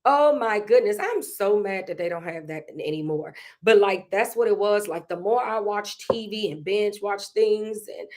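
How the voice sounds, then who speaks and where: A woman hosting a casual, reflective monologue, emotional and repeating herself, with frequent laughs. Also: mid-range voice. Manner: conversational, slow, emotional, laughs often, repeats phrases. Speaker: podcast host.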